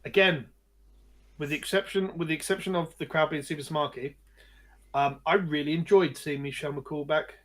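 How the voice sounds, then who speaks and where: A man's voice: on the high side, fairly even intonation, normal speed. Blunt, foul-mouthed podcast man. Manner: blunt, swears freely. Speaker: podcast co-host. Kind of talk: casual wrestling chat.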